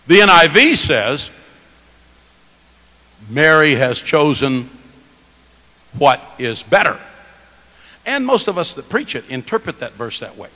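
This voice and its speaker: Male preacher, bright and forceful, lively delivery, long reverb of a big hall. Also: a little high, measured pace, long pauses. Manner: animated, emphatic, shifts loudness and stress. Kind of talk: sermon.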